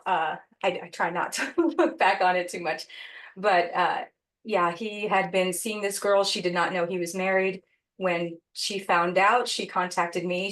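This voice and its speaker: A woman guest on an interview podcast, telling a personal story in an earnest, reflective way with pauses and restarts. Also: on the low side, fairly bright tone.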